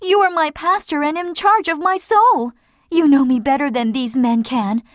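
A man voicing a defiant young mother in an audiobook, pleading in a high, strained voice. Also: moderate pace, no room sound, clean studio sound. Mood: desperate pleading. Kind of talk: audiobook narration with character voices.

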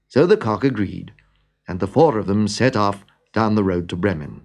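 A man reading a children's story aloud in an expressive, animated way. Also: lowish voice, moderate pace. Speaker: narrator.

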